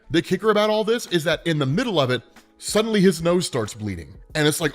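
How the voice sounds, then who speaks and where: A man's voice: a little high, big pitch swings, a little fast, faint music behind. A man casually explaining a comic book story, chatty and dotting his talk with "right?" and "like".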